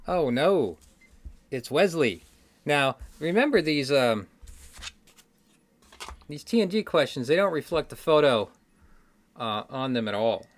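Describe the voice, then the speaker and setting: A man's voice: on the high side, expressive, unhurried, long pauses. Rambling Midwestern man hosting trivia. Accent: Midwestern American. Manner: rambling, self-correcting, wry asides. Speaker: trivia video host. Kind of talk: casual solo chat to camera. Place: indoors, card game stack behind him.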